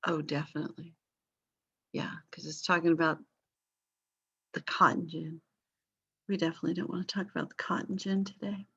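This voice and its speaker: A woman's voice: lowish voice, steady tone, moderate pace, long pauses, sharp tone, slightly rough. A woman teaching a history class online, casual and apologetic, with many fillers. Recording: slightly dull lo-fi call audio.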